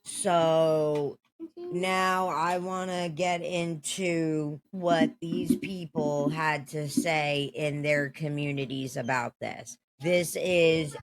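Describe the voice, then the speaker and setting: A host casually commenting on news and clips, talking in a rambling, relaxed way. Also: medium pitch, very slow, slight background noise. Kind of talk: commentary vlog.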